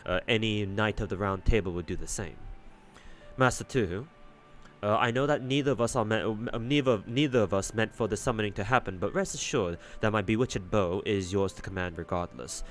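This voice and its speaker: A man voicing a melancholy, courteous knight archer in a visual-novel read-through, speaking slowly and quietly. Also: fairly low pitch, faint music behind, natural voice. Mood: subdued. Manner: slow, subdued, courteous. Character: melancholy gentle knight archer, soft-spoken.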